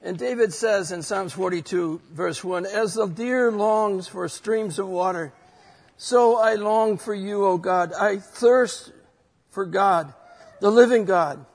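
A man preaching a sermon and reading scripture aloud, swinging between loud declaring and quiet, reflective reading. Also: high voice, slow pace, creaky, breathy edge. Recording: long hall reverb.

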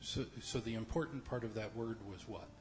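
A man leading a church service, speaking gently and pausing for quiet prayer. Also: lowish voice, in a large hall, a crowd in the background.

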